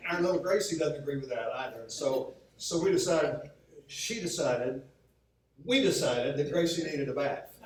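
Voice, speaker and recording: A man's voice: a little high, a little hiss or hum. A man preaching a sermon as a pastor, telling humorous stories and acting out the lines he quotes. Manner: humorous storytelling with acted-out quotes. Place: church sanctuary. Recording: very echoey hall, mic from far off.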